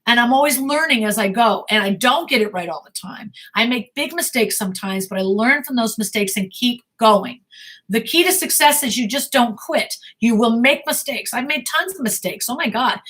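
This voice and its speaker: Blunt, bright-voiced woman coach. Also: fairly high pitch, lively intonation, moderate pace. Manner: blunt, emphatic, repeats herself. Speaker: acting career coach. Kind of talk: live Q&A answering viewer questions.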